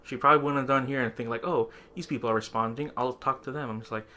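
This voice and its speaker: A man's voice: mid-range voice, fairly even intonation, fast, sharp tone. A man co-hosting a podcast, telling a story in casual chat, laughing often and acting out quoted lines. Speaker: podcast co-host.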